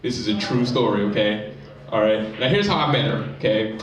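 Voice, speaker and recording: A man's voice: fairly low pitch, brisk. A man doing a stand-up comedy set in a live venue, talking in a loose, chatty way. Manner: loose, chatty delivery full of "you know what I'm saying". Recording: echoey live room, distant mic, crowd.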